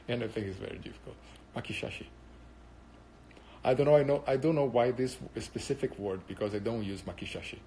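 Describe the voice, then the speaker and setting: A man's voice: mid-range voice, quick pace, dark tone, slight background noise. Brazilian-accented man chatting casually. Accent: Brazilian Portuguese. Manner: rambling, switches languages, answers viewer comments. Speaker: livestream host answering chat. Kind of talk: casual chat.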